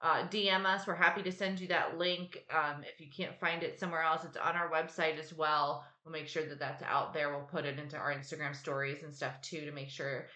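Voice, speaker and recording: Low bright-voiced woman co-host. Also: flat delivery, fairly quick, hardly any pauses, echoey room. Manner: supportive, affirming. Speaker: podcast co-host, dietitian. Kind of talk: casual podcast chat.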